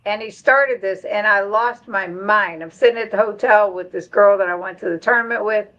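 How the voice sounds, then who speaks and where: A woman's voice: mid-range voice, normal speed, a bit bright, muffled recording. A middle-aged woman hosting a live stream in casual chat, reading viewer comments aloud and laughing along.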